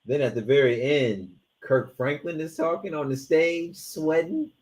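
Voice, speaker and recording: A man co-hosting a casual podcast, retelling stories with animated, profane, dramatic flair. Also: a little high, unhurried. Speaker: podcast co-host. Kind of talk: casual sports and culture chat.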